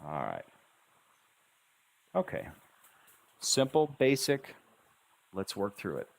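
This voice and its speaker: A man's voice: lowish voice, big pitch swings, measured pace, vocal fry, pauses often. A man teaching English pronunciation in a livestream, modelling phrases with exaggerated, bouncing intonation and repeating words syllable by syllable. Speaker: English tutor. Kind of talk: slow, drawn-out pronunciation lesson.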